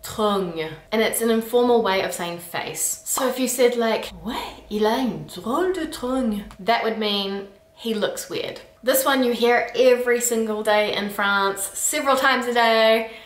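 A woman hosting a casual explainer video, playful and quick to laugh and groan in disgust. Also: on the high side, distant mic. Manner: playful, laughs often, groans at gross words. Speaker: language video host. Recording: roomy echo, a little off-mic.

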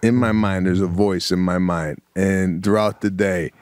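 A man's voice: low-pitched, steady tone, unhurried, darkish tone, smooth. A man co-hosting a podcast, talking in an easygoing, reflective, casual way with some swearing. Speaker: podcast co-host. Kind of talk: casual chat.

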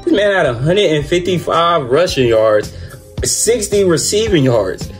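A young man reacts to a football game in loose slang, his voice sitting a little high. He vents in exasperated, repeated lines while clear music plays behind him. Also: expressive, moderate pace. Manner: exasperated, repetitive, slangy rants. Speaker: sports reaction host.

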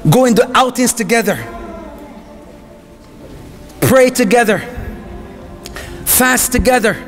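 A man giving a lively sermon about marriage, acting out small everyday scenes as he goes. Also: very high voice, slow, faint music behind. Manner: animated, acts out little scenes. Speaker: preacher.

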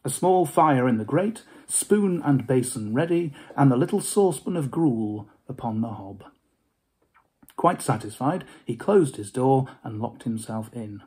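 A man giving a dramatic storybook reading, expressive and dropping to hushed whispers for suspense. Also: medium pitch, unhurried, slightly rough.

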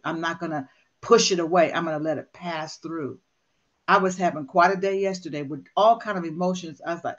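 A woman's voice: fairly low pitch, normal speed, fairly bright tone, highs cut off. An older woman, a motivational speaker, talking candidly and emphatically, acting out her own inner dialogue. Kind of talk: candid conversational talk.

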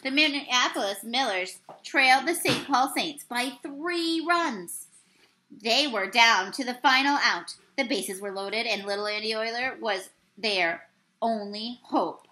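A woman teacher reading a children's storybook aloud, expressive and acting out the characters. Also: fairly high pitch, measured pace, a little hiss or hum, poor audio.

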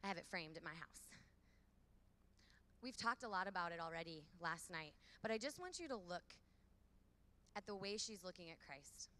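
A woman in her thirties giving a lively faith talk to a large hall of women, with call-and-response. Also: fairly low pitch, normal speed, pauses often. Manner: lively, preachy, calls for audience repeats. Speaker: conference speaker.

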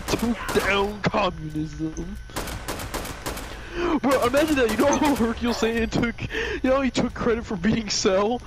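A man chatting casually with friends, rambling and joking. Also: very high-pitched. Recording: noisy amateur recording.

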